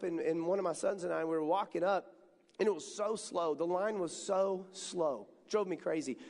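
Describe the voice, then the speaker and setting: A man in his thirties, a student ministry speaker, telling a chatty, animated story straight to the crowd. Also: high-pitched. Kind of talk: storytelling sermon. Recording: long hall reverb.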